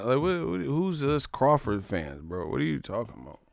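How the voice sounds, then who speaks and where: A man's voice: brisk, creaky, no room sound, clean studio sound. Slangy mocking male streamer. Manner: animated, mocking, slangy, mimics commenters in high voices. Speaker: live stream host. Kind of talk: casual live stream chat reading comments.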